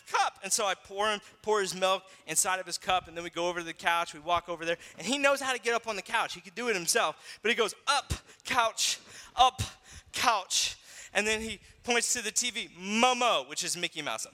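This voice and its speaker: A man in his thirties, a pastor giving a sermon in a conversational, animated storytelling way, acting out voices. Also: sits high, in a large hall.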